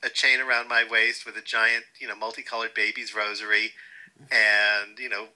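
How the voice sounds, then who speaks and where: An older man being interviewed, telling wry, lively stories and quoting people along the way. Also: lowish voice, normal speed, low-quality recording. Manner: wry, animated anecdotes with quoted voices. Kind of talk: storytelling interview.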